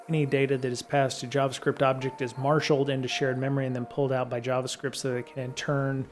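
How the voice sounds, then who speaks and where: A man's voice: mid-range voice, little pitch movement, brisk. Man, middle-aged, live-stream host, reads a book aloud then rambles with lots of ums, faint guitar music behind. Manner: reads text steadily, then digresses in loose chat with many ums.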